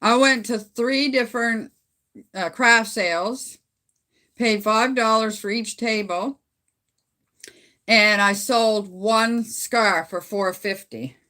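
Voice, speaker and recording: Middle-aged Canadian woman, phone livestream host, unhurried and bright, rambles with easy laughs. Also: on the high side. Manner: chatty, rambling, laughs often. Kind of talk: casual live chat with viewers. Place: at home.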